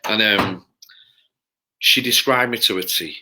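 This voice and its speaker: A man's voice: on the low side, a little slow, background noise. A man, a podcast guest and personal trainer, telling his story in a rambling way, repeating words and acting out the things people said. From Manchester, England. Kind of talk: candid storytelling.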